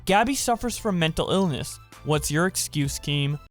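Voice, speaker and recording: A man narrating online drama news and reading quoted posts aloud in an even manner. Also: on the high side, normal speed. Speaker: commentary narrator. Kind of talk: scripted narration over clips. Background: faint music.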